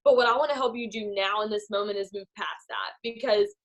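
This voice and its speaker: A woman's voice: mid-range voice, fairly quick, poor audio. A woman coaching her sales team over a video call in a chatty way, full of "like" and "um". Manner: chatty, filler-heavy, acts out quoted voices. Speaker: team leader. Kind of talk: motivational team talk.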